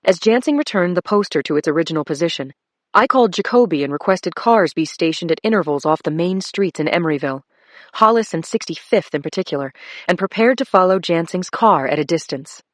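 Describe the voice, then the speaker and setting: A woman narrating a crime thriller audiobook in first person, steady and measured. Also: on the low side, dry recording, clean studio sound.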